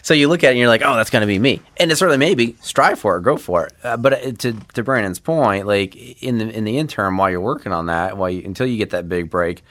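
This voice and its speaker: A man's voice: on the low side, animated, fast, few pauses, a bit bright. A man, a podcast guest from an agency who speaks in an earnest, encouraging way. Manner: earnest, encouraging, talks in restarts. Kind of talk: casual podcast interview.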